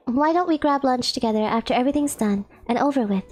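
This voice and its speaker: A friendly young woman in a visual novel, sending upbeat texts, read by a woman streamer. The high voice stays plain and light, with soft music underneath. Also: normal speed.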